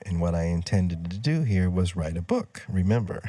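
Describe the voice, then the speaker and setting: Outdoors near trees, a middle-aged storyteller vlogger rambles through a personal tale, losing his train of thought, wandering onto side tracks and filling gaps with fillers. His voice is on the low side, expressive and dark-toned at a normal speed, with a little hiss or hum in the recording.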